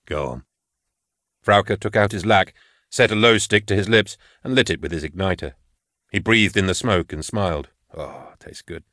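Low-voiced guy narrating an audiobook, steady and grave, very dry sound. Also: moderate pace, dry recording. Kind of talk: scripted narration.

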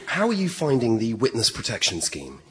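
A man's voice: mid-range voice, huge pitch swings, a little fast, heavy background noise. A man playing a dry, matter-of-fact witness protection officer in a radio comedy sketch.

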